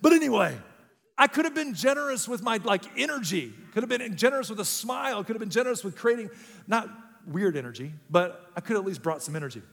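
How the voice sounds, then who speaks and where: A man's voice: sits high, animated, fast, vocal fry, a bit bright. A man in his thirties preaching a sermon as a pastor, telling a funny personal story with lots of energy. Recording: long reverb in a large room.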